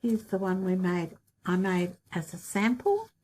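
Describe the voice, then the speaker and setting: A woman hosting a craft tutorial, calmly and practically talking through each step of a demonstration. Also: mid-range voice, a little slow, a little hiss or hum.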